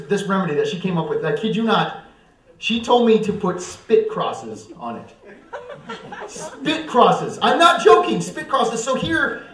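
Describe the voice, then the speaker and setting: Brief: young male comic, high-voiced, self-mocking, recorded from across a roomy coffeehouse. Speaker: stand-up comedian. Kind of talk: live stand-up comedy. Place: church coffeehouse stage. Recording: roomy hall, mic far off.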